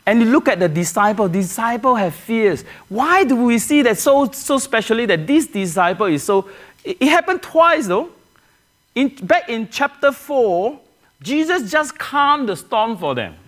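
Animated high-voiced preacher man. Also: measured pace. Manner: earnest, repeats and restarts phrases, asks the congregation questions. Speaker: pastor. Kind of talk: sermon.

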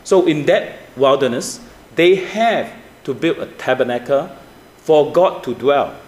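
A man's voice: on the high side, animated, normal speed, a little mellow, reverberant. A man preaching a sermon, asking the listeners questions, with slightly non-native grammar. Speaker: pastor.

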